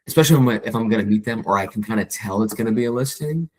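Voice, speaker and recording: Poor audio carries a man's lowish voice as he, a real estate agent, casually mentors a coworker. His delivery is quick and lively, and he imitates clients in quoted voices while reenacting his calls.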